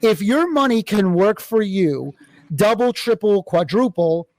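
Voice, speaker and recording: A man with a notably high voice hosts an interview, talking things through quickly and restarting his sentences as he works out his point. The sound is close and completely dry, with no room around it. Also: animated, no echo. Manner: quick, reasoning aloud, with restarts. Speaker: podcast host. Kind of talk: conversational interview.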